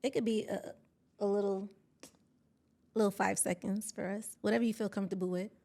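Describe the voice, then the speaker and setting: A woman's voice: medium pitch, fairly even intonation, brisk, warm tone. A woman hosting an interview podcast, enthusiastic and encouraging with her guest. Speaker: podcast host. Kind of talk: casual interview.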